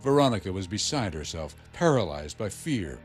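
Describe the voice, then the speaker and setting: A man tells a news story in a dramatic, scripted style, and his pitch rises and falls widely. Music plays clearly beneath his voice. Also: sing-song, moderate pace. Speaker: news narrator. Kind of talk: scripted narration. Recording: music bed underneath.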